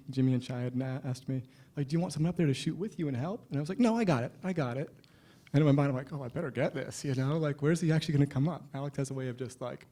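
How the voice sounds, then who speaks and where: A cinematographer on a festival panel talking in a casual, excited rush, full of "like" and "you know". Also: male voice, mid-range voice, creaky.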